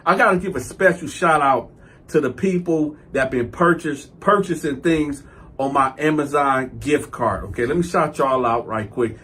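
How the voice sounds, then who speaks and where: A man hosting his own channel, telling a story in an animated, slangy way. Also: fairly high pitch, moderate pace, husky. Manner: animated, slangy, acts out sounds. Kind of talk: casual storytelling.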